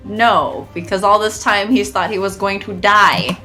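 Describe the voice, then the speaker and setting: Bright-voiced woman reading a visual novel. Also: medium pitch, steady tone, unhurried, faint music behind. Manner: playful, jokey asides. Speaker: let's play host.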